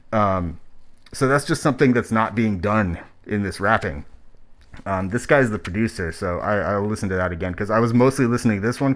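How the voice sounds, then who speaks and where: A man streaming, giving blunt, profane, rambling critique of rap tracks. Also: lowish voice.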